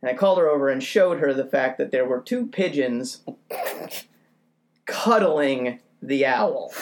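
Animated self-mocking male storyteller. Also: normal speed. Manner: animated, self-mocking, rants with rising pitch. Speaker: podcast co-host. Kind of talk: comedic storytelling.

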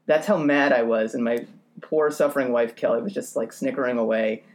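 A man spinning a comic story on a podcast, animated and self-mocking. His voice leaps up in pitch as he rants, and he lingers on his own misadventures for laughs. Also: a little fast. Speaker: podcast co-host. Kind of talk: comedic storytelling.

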